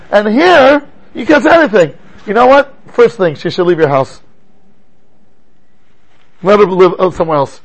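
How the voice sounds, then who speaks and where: Man giving a lively Torah class, high gravelly husky voice, rhetorical questions, stumbling restarts. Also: rough recording. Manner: animated, rhetorical questions, frequent stammering restarts. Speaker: rabbi teaching a Torah class. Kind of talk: animated Torah lecture.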